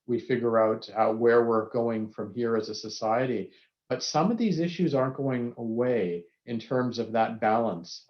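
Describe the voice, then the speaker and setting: A male psychiatrist giving candid, reflective remarks on a panel over a video call, with self-deprecating asides. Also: medium pitch. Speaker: psychiatrist guest speaker. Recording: dull lo-fi video call audio.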